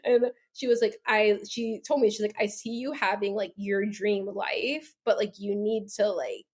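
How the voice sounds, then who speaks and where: A woman in her thirties talks as a podcast guest in an easy, rambling way, leaning hard on "like" and laughing between thoughts. Her voice sits at an ordinary middle pitch. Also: moderate pace. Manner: chatty, heavy use of "like", laughs often. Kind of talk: casual storytelling interview.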